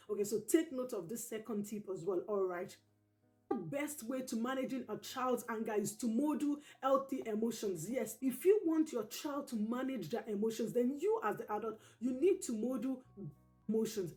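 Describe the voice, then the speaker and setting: High-voiced woman giving parenting tips. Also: expressive, a little mellow, soft background music. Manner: emphatic, repeats key points slowly. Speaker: parenting channel host. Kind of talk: direct-to-camera parenting advice.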